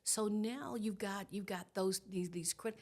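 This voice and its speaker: An animated woman in her sixties explains things in a relaxed teaching tone. She often checks in with her listener with a quick "okay?". She speaks at a middle pitch. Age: 60s. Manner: animated, tags points with "okay?". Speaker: guest trauma educator. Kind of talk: conversational teaching.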